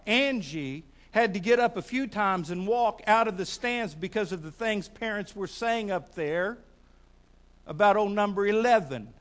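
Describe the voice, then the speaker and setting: High-voiced pastor, folksy and loud. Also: male voice. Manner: folksy, stammers on restarts, builds to loud emphatic peaks. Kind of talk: sermon.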